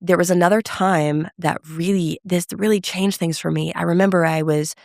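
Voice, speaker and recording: A woman telling her story as a podcast guest, with a slightly gravelly edge in her voice. She brings the quoted dialogue to life as she goes. The sound is dry and close. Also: on the low side, normal speed, no room sound. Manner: animated storyteller who acts out quoted dialogue. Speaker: emcee and keynote speaker, guest.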